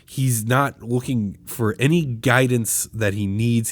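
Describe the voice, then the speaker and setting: A man co-hosting a podcast, recapping a film plot in a laid-back way, with frequent pauses. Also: mid-range voice, no echo. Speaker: podcast co-host. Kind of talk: casual movie-recap chat.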